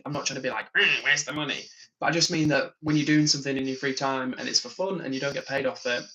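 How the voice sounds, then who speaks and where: A man's voice: medium pitch, pushed and bright, poor audio. A tired, yawning man hosting a live stream, reading chat comments aloud, chatting casually and laughing often. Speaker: livestream host.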